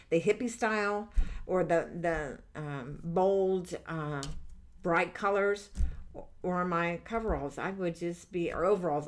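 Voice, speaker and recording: A woman's voice: fairly low pitch, a little hiss or hum. A middle-aged woman hosting a live angel-reading stream, chatting candidly and rambling with lots of fillers. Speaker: livestream angel reader. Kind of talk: chatty livestream talk reading out viewer comments.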